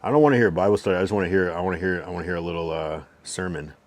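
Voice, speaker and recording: There's no room sound as a young male streamer with a low voice reads and answers his chat. He rambles through teasing, slang-heavy trash talk with swearing, restarting often and drawing out his counting.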